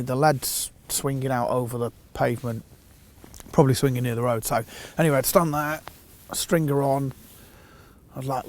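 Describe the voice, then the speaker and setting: A man telling a fishing anecdote in a casual, animated way, acting out the quotes. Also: medium pitch. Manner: animated storyteller who acts out quotes. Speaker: fishing consultant.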